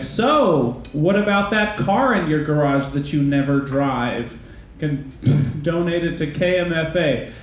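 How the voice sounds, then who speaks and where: Higher-voiced male stand-up comic in an echoey club. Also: slight background noise. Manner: rambling, profane, self-deprecating. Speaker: stand-up comedian. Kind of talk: stand-up comedy set. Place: comedy club stage. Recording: echoey club, muffled sound.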